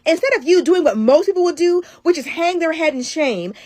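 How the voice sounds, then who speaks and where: Woman, high voice, dry close recording, scolding commentary. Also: lively intonation, fairly quick, a little mellow, dry recording. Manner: scolding, emphatic lecturing. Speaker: social media commentator. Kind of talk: casual reaction video rant.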